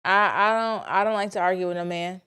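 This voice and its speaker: A woman's voice: medium pitch, fairly even intonation, fairly quick, sharp tone, clear, resonant tone. A young woman, talking candidly to her listeners in a casual solo podcast. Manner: candid, chatty, confiding with listeners. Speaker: podcast host.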